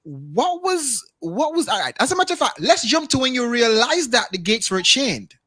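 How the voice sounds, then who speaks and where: High-pitched lively male interviewer. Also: moderate pace, dry recording, clean studio sound. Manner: steering, repeats words as he regroups. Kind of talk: interview questioning.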